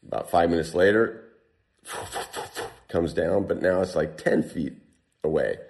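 A man's voice: low-pitched, measured pace. A man telling a personal story casually to an interviewer, often saying "like". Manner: animated, heavy use of "like". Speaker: guest telling a survival story.

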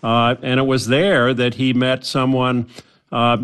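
A man's voice: medium pitch, level tone, a little slow, a bit bright, clear, resonant tone. A male journalist talking as a guest on a radio news interview, conversational, with frequent restarts.

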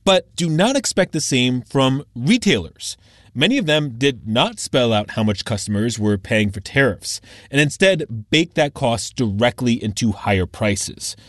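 Reading from a script, a man reports a radio news story, explaining it in a measured way with an expressive mid-range voice. It's a dry, close recording with no sense of the room.

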